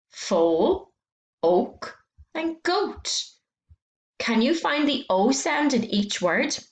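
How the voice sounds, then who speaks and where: A woman teaching a phonics lesson to young children, speaking slowly and clearly, stretching out sounds and encouraging them. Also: fairly high pitch, roomy sound.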